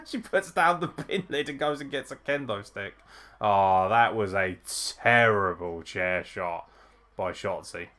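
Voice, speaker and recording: Unhurried, with a voice on the low side, a young man hosts a live wrestling watchalong. He gets excited, curses a lot, and breaks out laughing and shouting.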